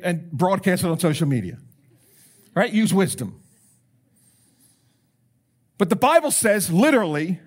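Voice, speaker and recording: A man preaching as a pastor, animated and rising to emphatic calls, with quoted prayers acted out. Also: high-pitched. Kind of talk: sermon.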